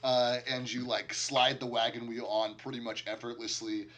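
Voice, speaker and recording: A man's voice: medium pitch, flat delivery, normal speed, a bit bright. A man narrating a tabletop game as game master, loose and chatty with lots of filler words. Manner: casual, heavy use of filler "like".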